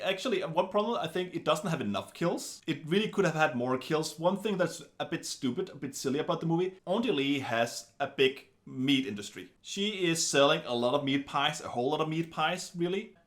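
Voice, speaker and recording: A man giving a casual film review in an animated, wry way, full of chatty asides. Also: on the high side, a little fast.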